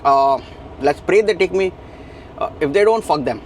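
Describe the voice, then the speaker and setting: A man's voice: fairly high pitch, expressive, normal speed, slight background noise. A young adult man vlogging casually from his truck cab, talking in a rambling, chatty way with many fillers and restarts. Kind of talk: casual vlog chat.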